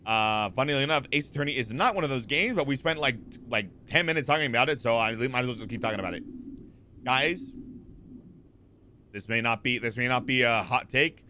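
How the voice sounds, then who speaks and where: Give me a young man rambling casually on a live stream, bright-toned and animated. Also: mid-range voice, fairly quick, a little hiss or hum. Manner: rambling, full of "like" fillers, restarts, answers chat.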